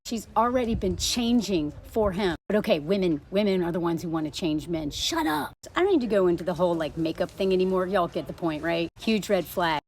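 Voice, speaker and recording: A woman's voice: lowish voice, fairly quick, few pauses, darkish tone, slight background noise. A woman in her thirties giving casual, blunt and sarcastic commentary on a dating show. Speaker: social media commentator.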